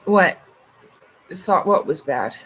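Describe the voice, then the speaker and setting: A woman's voice: fairly low pitch, lively intonation, slow pace, slightly rough, poor audio. A woman hosting a casual livestream, chatting loosely with her viewers, full of fillers and swearing freely. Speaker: livestream host. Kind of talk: casual live chat reading comments.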